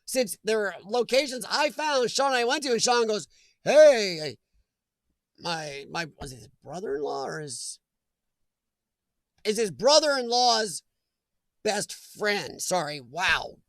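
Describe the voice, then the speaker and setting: High-voiced joking man on a live chat. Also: expressive, unhurried, a bit bright, dry recording. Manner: joking, chatty, laughs often and talks to viewers by name. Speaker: host of a live chat stream. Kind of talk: casual live-stream chat reading viewer comments.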